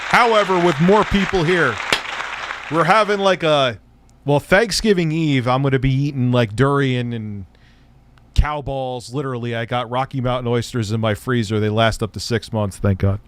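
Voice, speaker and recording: A man hosting a livestream in a loose, rambling way, full of crude and profane jokes. His voice sits at an ordinary middle pitch, with a faint crowd murmur in the background. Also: moderate pace, fairly bright tone, a little hiss or hum. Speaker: streamer host. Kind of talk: casual livestream reaction chat.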